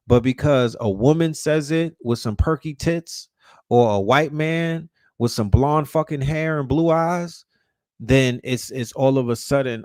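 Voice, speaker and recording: A man's voice: mid-range voice, unhurried, darkish tone, no room sound, studio quality. A man ranting casually, emphatic and profane, often restarting words when fired up. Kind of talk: casual rant.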